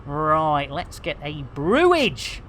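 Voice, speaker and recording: With a low-pitched, fairly bright voice, this English woman chats her way through a game stream, slow-paced but very animated, with a little hiss or hum in the background. She reads chat aloud and trades cheeky, sweary, rhyming-slang banter with viewers in relaxed commentary.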